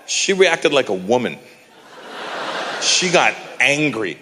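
A man performing a stand-up comedy routine, talking in an animated way and bursting into loud character bits. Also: mid-range voice, slow pace. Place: large live comedy venue. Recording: live venue with long reverb and faint crowd ambience.

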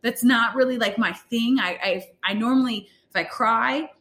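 A young woman casually and candidly telling a personal birth story, with frequent fillers and lively retellings. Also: a little high, moderate pace. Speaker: vlogger sharing a birth story. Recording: roomy echo.

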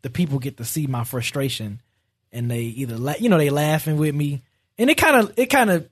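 A man co-hosting a casual gaming podcast, talking in an animated, excitable way. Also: a little high, fairly quick, slightly rough. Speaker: co-host.

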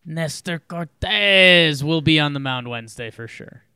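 A man's voice: a little high, expressive, unhurried, bright, forceful tone, smooth, no room sound. A man co-hosting a casual sports podcast, making dry, wry quips. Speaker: podcast co-host.

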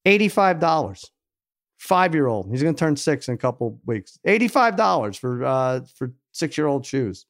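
A man co-hosting a podcast, telling a story in an animated, exasperated way. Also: mid-range voice, normal speed, dry recording, studio quality. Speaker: podcast co-host. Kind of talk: casual storytelling chat.

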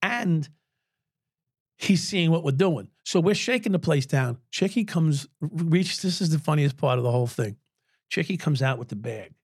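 Older man with a raised, gravelly voice that swings wide in pitch, telling profane stories as an interview guest in a dry, close-miked room. He talks with animated energy, swears freely and laughs at his own anecdotes. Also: normal speed, no room sound. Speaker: podcast guest, former police officer.

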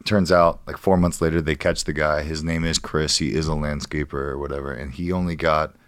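A man with a very low voice tells a story on a podcast, swearing freely and acting out what people said. The sound is close and dry, with no room around it. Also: brisk, dry recording. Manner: profane, animated storyteller acting out quotes. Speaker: guest, professional fighter.

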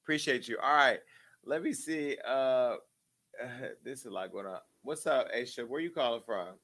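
A man's voice: medium pitch, moderate pace, fairly bright tone. A man hosting a live call-in show, brash and joking, talking to callers bluntly. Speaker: host.

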